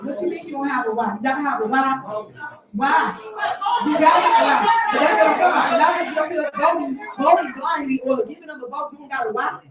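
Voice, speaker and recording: A woman's voice: high-pitched, fairly quick. A woman speaking at a township board meeting, pressing the board with repeated pointed questions. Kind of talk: heated remarks at a public meeting. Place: large meeting hall. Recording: echoey hall audio from far off with crowd. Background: crowd murmur.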